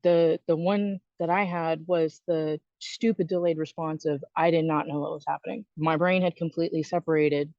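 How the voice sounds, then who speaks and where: A woman's voice: sits low, dry recording. A woman who is a Navy veteran speaks as a podcast guest, telling a personal story in a frank, conversational way with fillers and restarts. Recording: dull lo-fi dry recording.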